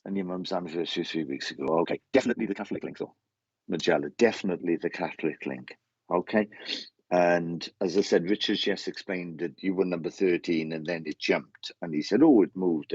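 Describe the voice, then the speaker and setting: Low, husky-voiced male medium. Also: dry recording, dull audio. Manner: halting, repeats words while relaying messages. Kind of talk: live mediumship reading.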